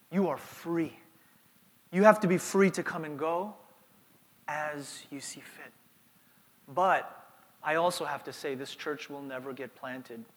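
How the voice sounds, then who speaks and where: A man's voice: mid-range voice, big-room sound. A middle-aged man from New York preaching a sermon as pastor, earnest and repeating words as he builds up. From New York, United States.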